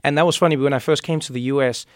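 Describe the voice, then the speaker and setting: A man's voice: mid-range voice, steady tone, rapid-fire, no echo, studio quality. A man from Africa, a comedian and author talking reflectively in an interview and often repeating words as he thinks. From South Africa. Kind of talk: conversational interview.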